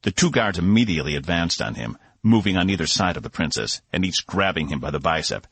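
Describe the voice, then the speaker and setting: A man narrating a science fiction audiobook with expressive storytelling. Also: deep voice, fast, creaky, a little hiss or hum. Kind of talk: scripted narration.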